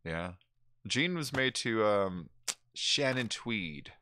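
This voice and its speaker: A man's voice: lowish voice, slow, slight background noise. A man streaming a game, chatting casually and telling rambling stories with little voice impressions. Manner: rambling, animated storytelling with impressions. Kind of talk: casual chat while gaming.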